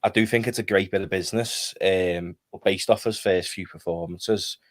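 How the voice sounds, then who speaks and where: Deep-voiced man thinking aloud. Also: fairly even intonation, normal speed, no echo, studio quality. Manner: loose, hesitant, thinks aloud with fillers. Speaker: co-host. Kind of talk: casual football chat stream.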